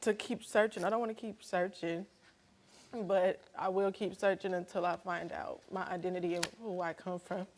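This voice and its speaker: A woman's voice: fairly low pitch, steady tone, moderate pace, darkish tone, slight background noise. A woman, a guest on a television talk show, speaking plainly and heartfelt. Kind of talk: casual talk show conversation. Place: television studio. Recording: studio audience audible behind.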